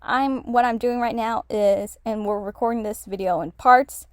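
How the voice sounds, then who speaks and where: In a casual screen-share lesson, a language learner explains her study spreadsheet at normal speed, her fairly high voice steady in tone. She rambles, filling gaps and correcting herself often, and the sound is dry and studio-clean.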